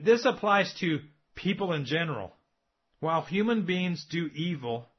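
A man preaching a sermon, emphatic and asking rhetorical questions of his listeners. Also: on the high side. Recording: dull lo-fi recording.

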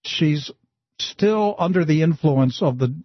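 A man hosting a Christian talk show, telling a story in an animated way and often pushing his voice up high for emphasis. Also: slow, no echo, highs cut off. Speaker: host.

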